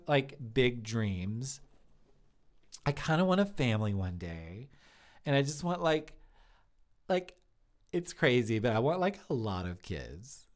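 A man playing Bridget, a gushing chatty waitress. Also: a little high. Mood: bubbly. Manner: rambling, giggly, lots of "like" fillers. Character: chatty young woman restaurant lead server, bubbly. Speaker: live-stream comedy host in character. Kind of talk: improvised character comedy.

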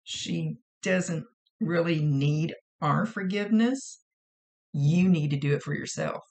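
A woman's voice: low-pitched, slow pace, a little mellow. A woman working as a psychic medium who gives a casual reading, relaying messages and direct advice and often repeating her phrases.

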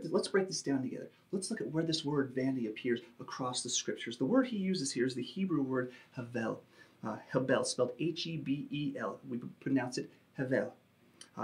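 Male pastor, sermon delivery, emphatic teaching, slightly high voice, uses fillers.

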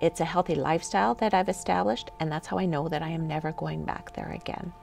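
A woman's voice: low-pitched, steady tone, fast, vocal fry, a little mellow, faint music behind. A woman life coach giving an enthusiastic motivational lesson while walking on a treadmill.

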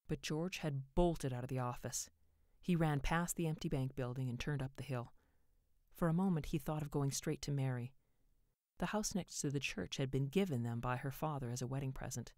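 A woman narrating a short story in an expressive way, giving each character a voice. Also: rumbling low, moderate pace, no room sound, clean studio sound.

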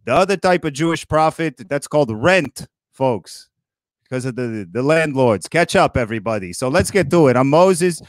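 A man playing Moses as a grumpy old Brooklyn man, hosting a comedy roast with sarcastic rapid-fire jokes. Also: medium pitch, lively intonation, dry recording, natural voice. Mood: kvetching. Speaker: roast host.

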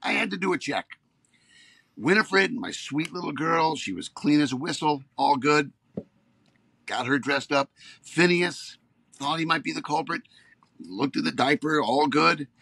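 A man's voice: a little high, unhurried, creaky, pauses often, husky, no room sound. A man in his fifties, an actor and podcast guest, telling stories in casual chat and getting worked up as he goes. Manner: animated storyteller, gets worked up.

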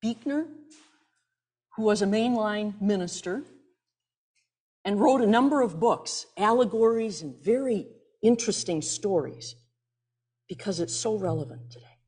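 A woman pastor preaching a sermon, retelling a Bible story expressively and dropping into soft near-whispers. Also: medium pitch, a little slow, long pauses, breathy edge.

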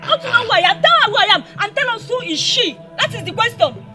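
A woman with a Nigerian accent playing a pregnant village wife who loudly accuses her husband's city fiancée. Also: extremely high pitch, sing-song, quick pace, music in the background. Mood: confronting. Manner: loud, accusing, mixing in pidgin.

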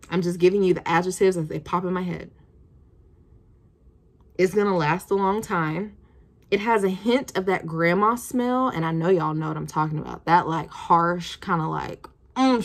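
A woman's voice: lowish voice, vocal fry. A woman in her twenties chatting casually as she reviews perfumes, thinking aloud with plenty of fillers. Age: 20s.

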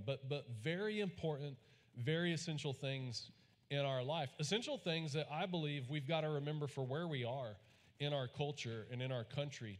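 A man from Texas, preaching a sermon in a folksy storytelling way and getting the congregation to repeat lines back. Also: a little high. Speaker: pastor. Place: large church hall. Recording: long hall reverb.

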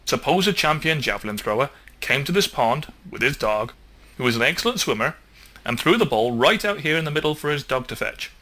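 A man's voice: mid-range voice, animated, fairly quick, bright, forceful tone. A man doing a worried, earnest frog. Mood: insistent. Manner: earnest, patient, reasoning through what-ifs. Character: cautious, worrying male frog with a stick.

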